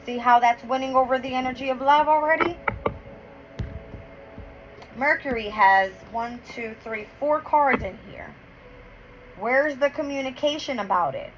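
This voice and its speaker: A woman's voice: fairly high pitch, a little slow, fairly bright tone. A woman doing a casual tarot and astrology reading, counting cards aloud and getting heated, blunt and full of swearing. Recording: dull lo-fi with clear background noise.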